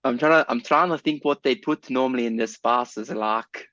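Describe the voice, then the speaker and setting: A man's voice: mid-range voice, normal speed, fairly bright tone, no room sound. Man, podcast co-host, casual chat, playful, laughs a lot, dull close recording. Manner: jokey, laughs often, asks questions.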